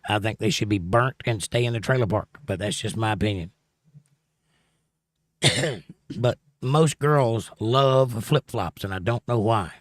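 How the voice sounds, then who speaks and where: This livestream host has a lowish voice and takes his time as he reads chat messages aloud and makes jokes about them from his home setup. The studio-quality recording has no echo.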